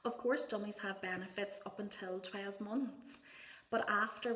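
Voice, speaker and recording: A woman speech therapist gives parents gentle, encouraging advice and models words in a soft sing-song voice. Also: medium pitch, steady tone, normal speed. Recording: echoey room.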